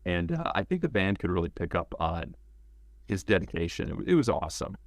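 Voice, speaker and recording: A man as an interview guest, telling stories in a casual, animated way, acting out quotes and swearing freely. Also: sits low, brisk, dry recording. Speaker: interview guest, former game cinematics director.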